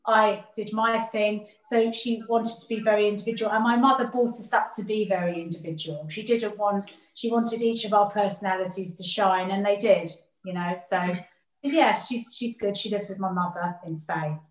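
A woman's voice: medium pitch, moderate pace. Earnest woman in an echoey room. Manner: earnest, repeats words as she gathers thoughts. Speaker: interview guest. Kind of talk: reflective personal interview. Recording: roomy echo.

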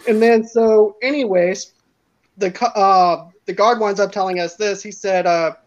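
A man's voice: sits high, fairly even intonation, measured pace. A man hosting a podcast, telling a casual story, laughing through it and swearing freely. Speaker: podcast host. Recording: dull lo-fi mic.

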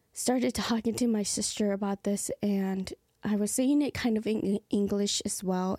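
A young woman speaks in an earnest, halting way, her mellow, darker voice carrying plenty of gravelly vocal fry. She often slips into soft, breathy whispers as she tells a personal story. The sound is close and dry, with no room echo. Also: medium pitch. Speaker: podcast host.

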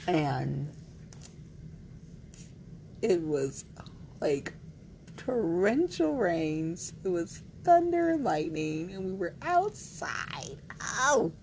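A woman's voice: deep voice, vocal fry, dark tone, a little hiss or hum, low-quality recording. A woman chatting candidly to camera, rambling and playful, frank and a little giggly, with lots of "like.". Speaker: vlogger. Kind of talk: candid casual chat to camera.

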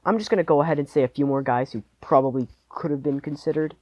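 A man's voice: fairly high pitch, fast talker, no room sound, highs cut off. A man co-hosting a podcast, chatting casually about sports and hedging his picks with lots of "like"s. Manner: rambling, hedging, many "like"s. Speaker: podcast co-host.

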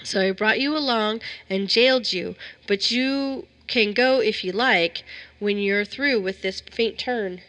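A woman's voice: medium pitch, measured pace, fairly bright tone, close to an everyday voice. A woman doing a folksy frontier sheriff. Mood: reassuring. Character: gruff but fair frontier sheriff, male.

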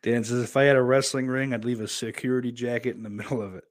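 A man's voice: medium pitch, fairly even intonation, fast talker, no room sound. A young man streaming live, reading chat messages aloud and rambling bluntly about wrestling with lots of swearing, close to a desk mic. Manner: blunt, profane, rambling with restarts and laughs.

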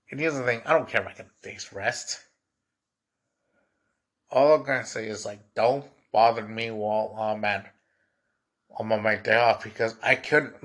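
A young man talks alone on his podcast in a loose, rambling way. His voice sits at a middle pitch with a husky, slightly rough edge, and he keeps circling back with "dude" and "like.". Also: a bit bright. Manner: rambling, repeats "dude" and "like" often. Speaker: podcast host. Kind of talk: casual monologue.

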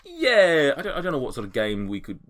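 A man's voice: fairly high pitch, huge pitch swings, fairly quick, a bit bright. A man narrating a tabletop game as game master, with lots of hesitant fillers.

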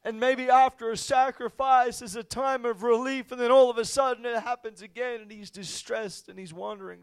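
A man with a notably high voice delivers a sermon. He preaches with passion, dropping to quiet, reflective lines and then rising to loud, urgent pleas. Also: moderate pace. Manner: impassioned, swinging from quiet to loud.

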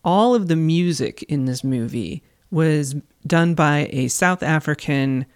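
Fairly high gravelly man, hesitant film chat. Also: slow pace. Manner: hesitant, searching for words. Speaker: podcast co-host. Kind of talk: casual film discussion.

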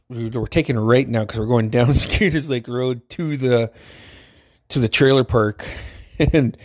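A man from Alaska telling funny stories in a casual way, swearing constantly and laughing often. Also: medium pitch. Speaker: storyteller. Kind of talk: casual storytelling.

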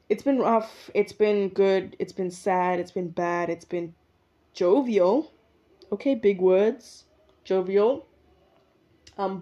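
Her voice is warm and on the low side, with the highs cut off. She's a young adult from South Africa hosting a casual podcast by herself indoors at her usual spot, musing aloud in a wandering, reflective way and often stopping to correct herself mid-sentence.

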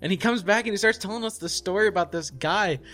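A man's voice: high voice, quick pace. Laughing young man telling stories. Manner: animated storyteller, laughs often. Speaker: podcast co-host. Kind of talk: casual chat.

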